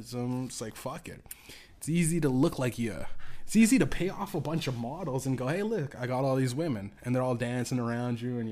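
A man's voice: medium pitch, darkish tone. Male podcast host, loose rambling rant, profane and unpolished. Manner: rambling, profane, full of fillers and restarts. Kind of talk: casual rambling monologue.

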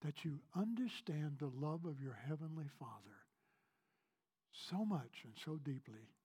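A man from Kentucky preaching a sermon as pastor, asking the congregation questions and swinging between loud emphasis and soft, hushed lines. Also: on the high side, animated, a little slow, breathy edge.

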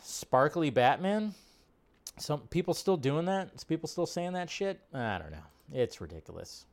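Male host, live-stream movie chat, fairly high voice, enthusiastic, repeats words for effect. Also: very animated, moderate pace, gravelly. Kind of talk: casual live-stream commentary.

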